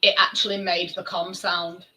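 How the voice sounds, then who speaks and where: Bright-voiced woman co-hosting a podcast. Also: fairly low pitch, level tone, moderate pace, rough recording. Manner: chatty and self-mocking. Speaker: podcast co-host. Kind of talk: casual chat. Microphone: video call.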